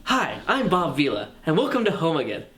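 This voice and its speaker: A man's voice: a little high, wildly swooping pitch, a little fast, fairly bright tone, far from the mic. A man putting on an impression of a well-known male TV home-improvement host, with a hammy announcer-style greeting. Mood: showy.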